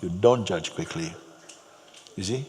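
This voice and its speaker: A man giving a spiritual talk to an audience, telling stories gently and repeating his phrases, with soft laughs. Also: sits low, measured pace. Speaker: spiritual teacher. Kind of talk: spoken teaching to an audience. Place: large hall. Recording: long hall reverb, faint hum.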